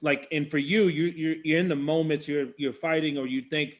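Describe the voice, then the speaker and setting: A man's voice: fairly high pitch, steady tone, brisk. A man hosting a casual interview, thinking aloud as he builds long, reflective questions. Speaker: podcast host, interviewer.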